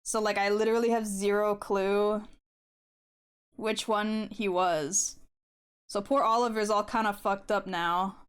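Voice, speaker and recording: A woman's voice: medium pitch, fairly even intonation, a little slow, clean tone. A young woman streaming while she draws, chatting in a rambling, giggly way and swearing casually. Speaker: art streamer.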